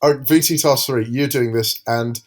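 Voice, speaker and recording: A man's voice: medium pitch, moderate pace. A man co-hosting a podcast in casual chat, rambling and hesitant as he describes things. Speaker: podcast co-host.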